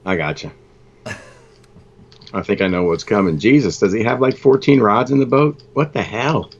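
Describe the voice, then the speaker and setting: A man's voice: fairly low pitch, moderate pace, slightly rough. A man chatting casually and laughing often while watching an old fishing video with his friend. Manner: laughs often, easygoing reactions. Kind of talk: casual chat. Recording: dull lo-fi sound.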